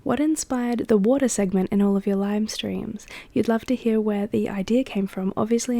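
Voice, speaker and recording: A soft-spoken woman answers viewer questions in a hushed ASMR delivery, often slipping into unvoiced whispers. Her tone is mellow and dark, and her pitch sits in a middle range. She talks unhurriedly, with small laughs and relaxed fillers. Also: no room sound. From Australia. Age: adult.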